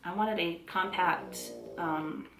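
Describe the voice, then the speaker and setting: A woman's voice: fairly low pitch, takes it slowly, creaky, over music. Chatty Southern woman in an echoey room. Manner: chatty, relaxed, self-deprecating. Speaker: beauty vlogger. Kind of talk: casual chat to camera. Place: room at home.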